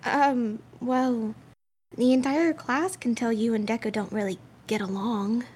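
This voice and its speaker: A hesitant teenage girl, voiced by a woman, speaking slowly and haltingly in a fairly high voice. A faint hum of ambience sits behind her. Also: steady tone, a little mellow, close to an everyday voice. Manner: hesitant, faltering.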